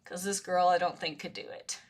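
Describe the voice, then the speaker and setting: A woman's voice: fairly low pitch, steady tone, a little fast. A woman hosting a live crafting stream, chatting casually and talking to herself as she works, often laughing. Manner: rambling, self-talk while working, laughs often. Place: crafting desk.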